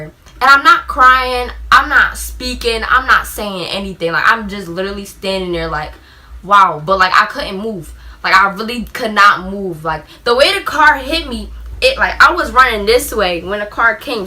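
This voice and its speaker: Young woman vlogger, casual storytime delivery, bright tone, filler-heavy and chatty. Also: fairly high pitch. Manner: rambling, heavy use of "like", acts out shouted quotes. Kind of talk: storytime vlog, casual retelling.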